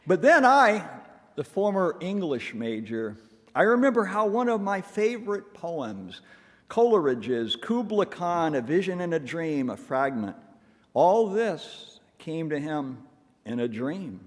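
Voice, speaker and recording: A man's voice: fairly high pitch, big pitch swings, measured pace. Wry, self-mocking male minister in a hall. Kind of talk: sermon. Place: church sanctuary. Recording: long hall reverb.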